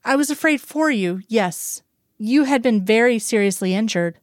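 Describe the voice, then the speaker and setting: A woman reading the lines of a calm female FBI agent who speaks evenly, with quiet certainty. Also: fairly high pitch, moderate pace, dry recording, studio quality, close to an everyday voice. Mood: controlled.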